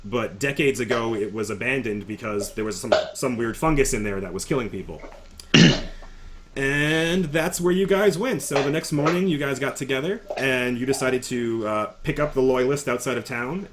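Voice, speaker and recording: A man's voice: medium pitch, slight background noise. A man recapping the last session of a tabletop game as game master, rambling with fillers.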